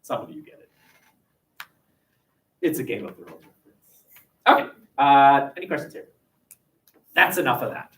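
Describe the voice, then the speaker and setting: Lively teacher in an echoey classroom. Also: male voice, mid-range voice, a little slow, pauses often, far from the mic. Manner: lively, joking, asks the class questions. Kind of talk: classroom lecture.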